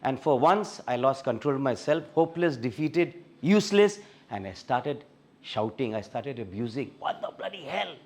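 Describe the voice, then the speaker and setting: A man's voice: mid-range voice, moderate pace. A middle-aged man with an Indian English accent, sharing a personal faith testimony at a fellowship meeting in a storytelling manner. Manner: storytelling, animated when reliving scenes. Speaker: guest speaker sharing a testimony.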